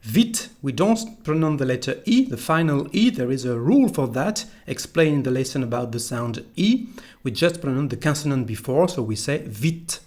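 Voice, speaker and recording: A man with a French accent, a native French speaker, teaching a pronunciation lesson slowly and carefully, repeating each phrase for the learner. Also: mid-range voice, animated, a little mellow.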